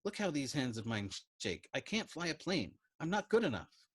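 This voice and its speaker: A man's voice: fairly high pitch, sing-song, normal speed, breathy edge, pitched above the performer's own voice. A man voicing a frightened young male bomber pilot who pleads with an intense, urgent manner. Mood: pleading.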